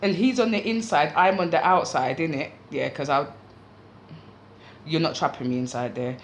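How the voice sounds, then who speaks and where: A young woman telling a story casually, in an animated, slangy way, swearing freely. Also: low voice, moderate pace, a little hiss or hum.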